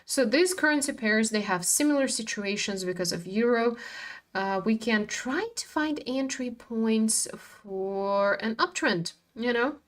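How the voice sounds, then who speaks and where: A woman's voice: on the high side, expressive, measured pace. A woman hosting a live trading stream, chatting casually and animatedly, swearing freely and talking back at her chart.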